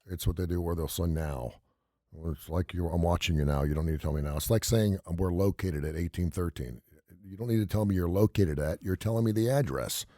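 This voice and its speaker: A man's voice: low voice, fast, no room sound, studio quality. A man in his forties co-hosting a radio show, telling stories and joking in casual banter. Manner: animated, jokey storyteller.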